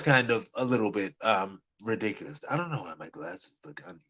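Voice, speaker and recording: A man's voice: on the low side, animated, fairly quick, bright, forceful tone, poor audio. Rambling man telling a dating story. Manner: rambling, stammering storyteller with many restarts. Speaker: vlogger. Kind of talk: casual talk to camera.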